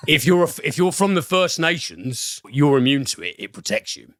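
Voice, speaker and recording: A man's voice: fairly high pitch, very animated, normal speed, fairly bright tone, no echo, clean studio sound. A man hosting a podcast, reviewing a film in casual, rambling chat with plenty of fillers and swearing.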